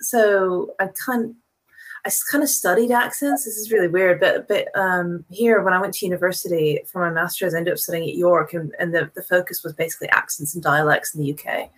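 Husky woman with a transatlantic accent. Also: on the low side, steady tone, fairly quick. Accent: mixed transatlantic. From Texas. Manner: hesitant, many fillers and restarts. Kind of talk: casual chat.

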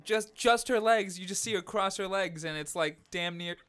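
A man's voice: sits high, moderate pace, a bit bright, clear, resonant tone. A man co-hosting a podcast in casual chat, rambling and breaking into laughter, with the hiccups. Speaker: podcast co-host.

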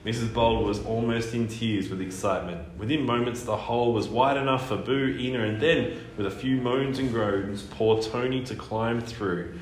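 A man reading a children's book aloud in a lively storytelling manner. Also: mid-range voice, moderate pace, hardly any pauses. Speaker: reader. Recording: echoey room, faint noise.

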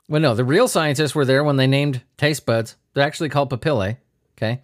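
A man's voice: mid-range voice, fairly quick, no room sound, clean studio sound. A man hosting a comedy news podcast, riffing on odd stories in a sarcastic, profane way. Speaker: podcast host.

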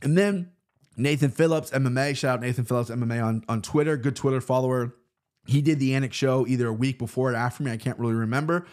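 An American man recounts a night out in a casual monologue. His delivery rambles and restarts, full of swearing and bursts of excitement. The pitch sits in the middle range for a man. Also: quick pace. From United States.

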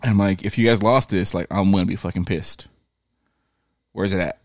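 A man with a low voice tells a rambling story in a loose, profane way and slips into voices for the people in it. The sound is dry and close. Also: brisk, no echo. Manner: profane, animated retelling with quoted voices. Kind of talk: casual storytelling chat.

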